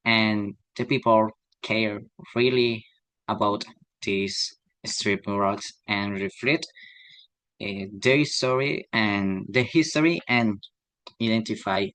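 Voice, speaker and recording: Slow, halting young man presenting. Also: lowish voice, a bit bright, no echo, rough recording. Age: young adult. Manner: halting, tags sentences with "okay?". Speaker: student presenter. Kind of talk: class presentation.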